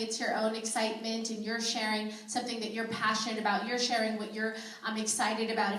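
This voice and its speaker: A woman's voice: a little high, fairly bright tone. A woman giving earnest, flowing advice as a talk show guest. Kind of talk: panel talk. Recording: echoey room from far off.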